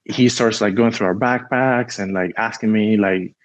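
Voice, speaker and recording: This guest, a Cuban man and native Spanish speaker, tells a meandering, casual story full of "like," performing what people said. His voice is on the low side with a steady tone at normal speed, in a dry recording.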